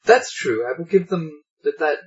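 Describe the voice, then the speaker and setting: A man's voice: a little high, expressive, moderate pace, highs cut off. A man co-hosting a podcast in casual chat, with dry, laid-back banter. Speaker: podcast co-host.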